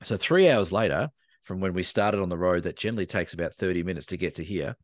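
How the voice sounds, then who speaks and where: A man with an Australian accent, a podcast co-host telling a lively, animated story in casual chat. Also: sits low, fast, no echo, clean studio sound.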